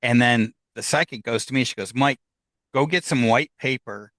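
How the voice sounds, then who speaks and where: A male podcast guest with a mid-range voice tells a story at a moderate pace, casual and animated, acting out the dialogue and laughing between lines. The recording is dry and low quality.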